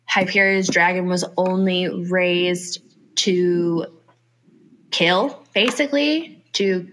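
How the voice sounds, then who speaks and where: A woman's voice: fairly low pitch, takes it slowly, a little hiss or hum. A woman co-hosting a book podcast, chatting casually, laughing often and acting out scenes. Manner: animated, laughs often, acts out quotes. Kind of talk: casual chat.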